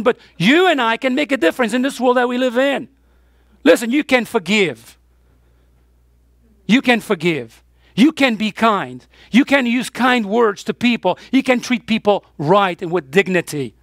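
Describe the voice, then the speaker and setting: A woman preaching with a gravelly edge to her voice that sits fairly high for her. She drives her sermon with repeated questions and firm answers, and the sound is dry and close. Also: no room sound. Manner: emphatic call-and-response questions. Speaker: pastor. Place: church.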